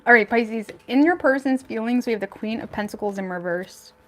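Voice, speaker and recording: A woman's voice: a little high, brisk. Chatty woman giving a tarot reading. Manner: chatty, frank, thinks aloud with fillers. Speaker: tarot reader.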